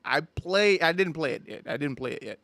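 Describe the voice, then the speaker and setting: Animated man hosting a gaming podcast, dry sound. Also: on the high side, a little fast, dry recording. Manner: animated, rambling, stumbles and repeats words. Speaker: podcast host. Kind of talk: casual chat.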